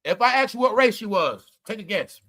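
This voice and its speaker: A man's voice: very high voice, fairly bright tone. A man ranting comedically and profanely to his viewers, calling them y'all and preaching his point. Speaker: commentary vlogger.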